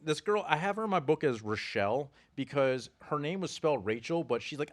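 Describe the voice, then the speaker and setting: A middle-aged man hosting a podcast, telling stories in casual chat with animated delivery and laughs. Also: a little high, fairly quick. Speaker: podcast host.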